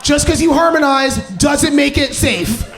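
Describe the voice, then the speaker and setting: A woman performing a live stand-up comedy set, animated and profane, acting out the men she has dated. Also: high voice, measured pace, creaky, over music. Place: cinema stage before a live audience.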